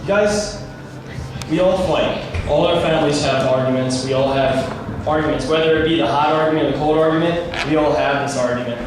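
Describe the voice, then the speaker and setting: A man's voice: a little high, fairly quick, noisy background. A young man casually telling a rambling story to a youth group, acting out the dialogue. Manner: animated, rambling, acts out dialogue. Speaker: youth speaker. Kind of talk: casual storytelling talk to teens. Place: large room, speaking to a youth group. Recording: very echoey room, heard from far off.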